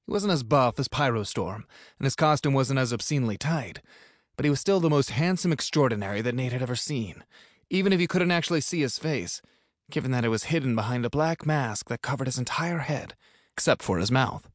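A man narrates an audiobook with an upbeat, playful delivery. His voice sits at a middle pitch. The booth recording is dry and close to the mic. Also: animated, a little fast, dry recording. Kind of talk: scripted narration.

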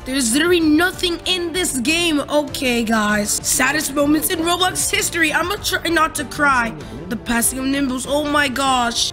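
A young woman hosting a gaming channel, giving excited commentary on a game and gasping and repeating herself as she goes. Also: sits high. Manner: breathless, repetitive, keeps saying "literally" and "oh my gosh".

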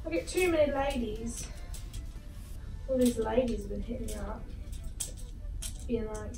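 Her fairly high voice moves unhurriedly, broken by long pauses, as she jokes her way through cleaning a messy bedroom and chats goofily to her things for a vlog. The camera sits across the room, so she sounds far off, the room echoes, and music runs underneath.

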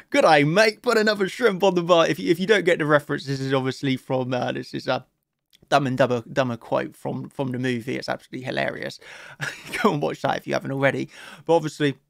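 A man's voice: mid-range voice, vocal fry, dry recording, studio quality. A man hosting a casual trading analysis talk, chatty and upbeat, with many "you know" fillers. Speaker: crypto trading analyst host.

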